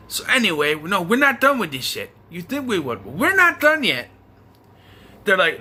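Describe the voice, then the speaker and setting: Young guy venting about a movie, super bright edgy voice, bounces up and down a lot, kinda fed up and sarcastic. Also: sits high, huge pitch swings, moderate pace, breathy edge. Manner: exasperated, sarcastic ranting. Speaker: movie reviewer. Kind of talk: casual video review.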